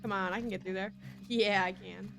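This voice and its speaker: A woman's voice: medium pitch, steady tone, fairly quick, creaky, fairly bright tone. A woman streaming a video game in a casual chat, talking to herself and laughing at her own slips.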